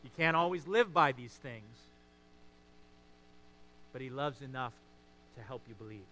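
A pastor preaches a sermon, moving between hushed, intimate passages and emphatic, rising ones. His mid-range voice is expressive, and he speaks a little slowly.

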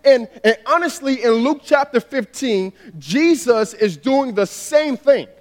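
A man with a noticeably high voice delivers a sermon, talking easily like he's chatting with friends and peppering it with "you know". His voice rings out with a long hall reverb. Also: expressive, measured pace. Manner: conversational, storytelling, frequent "you know". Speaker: pastor.

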